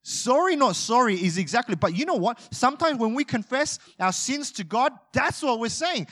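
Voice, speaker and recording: Here a pastor's sermon comes in a very high voice with big pitch swings, delivered at a normal speed with hardly any pauses. He jokes conversationally, acts out short bits of everyday life, and veers between loud bursts and quiet asides.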